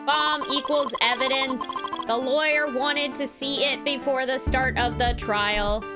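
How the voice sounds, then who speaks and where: A woman voicing a stiff adult male bomb-squad officer in a flat, robotic delivery, reading a game's dialogue aloud. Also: high-pitched, a little slow. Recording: loud game music behind.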